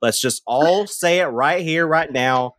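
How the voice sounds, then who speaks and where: A man hosting a podcast in casual chat, animated and jokey with mock-dramatic flair. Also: fairly high pitch, measured pace, dry recording, clean studio sound. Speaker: podcast host.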